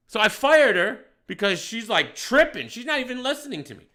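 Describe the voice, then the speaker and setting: A man telling a story in casual podcast chat, animated and profane, getting loud when he acts out shouting. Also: very high voice, a little fast, few pauses. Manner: profane, slangy. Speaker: podcast host.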